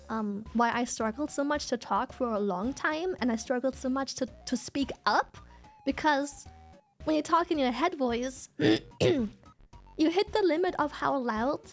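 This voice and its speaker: A young woman streaming while sick, chatting candidly and swearing freely as she explains her voice. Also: high voice. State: sick, slightly hoarse. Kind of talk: casual stream chat.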